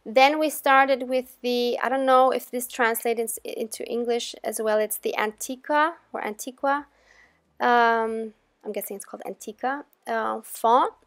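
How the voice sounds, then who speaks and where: A woman hosting a crafting channel, talking viewers through her project in a chatty, relaxed voice-over. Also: fairly high pitch, measured pace, no room sound. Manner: chatty and relaxed, with gentle laughs. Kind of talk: casual tutorial voice-over.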